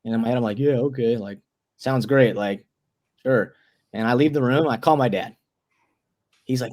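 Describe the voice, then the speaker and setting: A young man in his twenties, speaking at a middle pitch with a slightly mellow tone, tells a story as an interview guest at a moderate pace with long pauses. His speech is loose, full of "like" and restarted words, and he slips into the voices of people he quotes.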